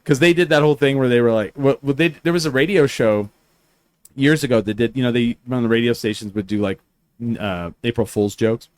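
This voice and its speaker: A man's voice: mid-range voice, fairly quick, smooth, no room sound. Rambling, swearing male podcast host. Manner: rambling storyteller, swears freely, acts out quotes. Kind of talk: casual chat. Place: lives in Albuquerque area.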